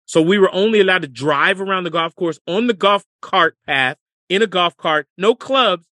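A man and former caddie and comedian, telling lively stories as a podcast guest and laughing as he goes. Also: high voice, moderate pace, no room sound. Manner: lively storyteller, laughs through his anecdotes. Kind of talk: casual storytelling interview.

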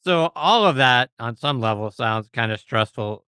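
A man's voice: medium pitch, lively intonation, normal speed, sharp tone, clean tone, dry recording. A man hosting a golf podcast, who puts questions to his guest in an easygoing way. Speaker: podcast host. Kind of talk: interview questions.

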